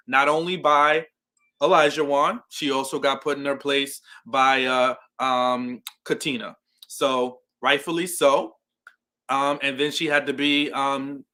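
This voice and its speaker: A man co-hosting a podcast, giving animated, opinionated takes and mimicking people as he talks. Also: on the high side. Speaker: podcast co-host. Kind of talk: casual chat.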